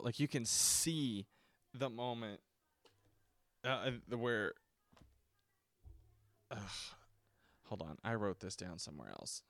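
A man's voice: fairly low pitch, very animated, slow, pauses often, fairly bright tone, dry recording. A man hosting a casual solo movie-review podcast. He rambles, swears freely and often restarts his sentences. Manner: rambling and profane, with frequent restarts and fillers. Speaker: podcast host. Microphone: speaks from notes, seated at a desk mic.

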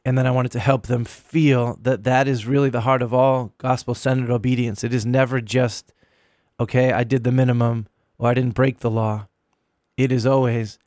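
A middle-aged male pastor talks through a sermon he gave, earnest and emphatic, stretching out single words for weight. His voice sits at an ordinary pitch and is captured close and dry, with no room sound around it. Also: a little mellow, dry recording. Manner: earnest, emphatic, slows to stress key words. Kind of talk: recounting a sermon.

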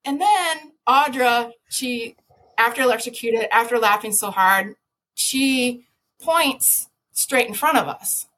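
A woman, a podcast guest, telling an animated story with lots of laughter, sudden loud shouted quotes and many restarts. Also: a little high, slow pace, slight background noise. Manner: lively, laughing, jumps to loud shouts when quoting herself.

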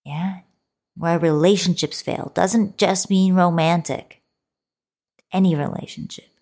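Woman, low voice, podcast host, motivational solo talk, playful, coaxing, soft whispers at times. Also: steady tone, measured pace. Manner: playful and coaxing, calls the listener baby, drops to soft whispers.

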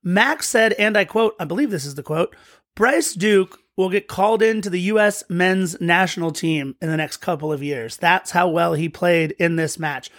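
A man's voice: sits high, moderate pace, a bit bright, no echo, studio quality. A man co-hosting a podcast, talking through a soccer match in an eager, rambling way with frequent restarts. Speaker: podcast co-host. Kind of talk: casual match-recap chat.

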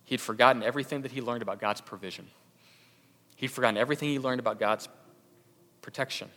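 A man's voice: mid-range voice, quick pace, sharp tone. A young adult man preaching a sermon as a pastor, conversational, with many fillers and restarts. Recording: long hall reverb.

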